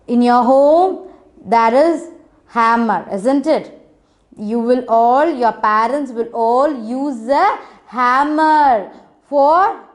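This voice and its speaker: Slow, high-voiced woman teaching phonics to kids. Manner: coaxing, repetitive, prompting children to repeat sounds. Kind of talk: children's phonics lesson.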